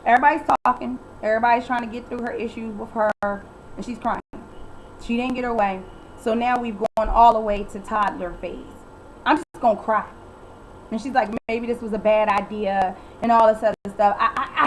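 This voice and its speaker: A woman ranting bluntly through a casual recap, sarcastic and exasperated, often swearing and quoting others in quick put-on voices. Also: a little high, slight background noise, rough recording. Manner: acts out others' lines in quick quoted voices. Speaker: reality TV recap vlogger.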